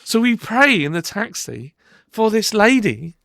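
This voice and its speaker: Gravelly, bright-voiced man telling stories. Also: high-pitched, unhurried, dry recording, studio quality. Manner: animated storyteller, acts out quoted dialogue, frequent restarts. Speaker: podcast co-host. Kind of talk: casual storytelling chat. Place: podcast studio.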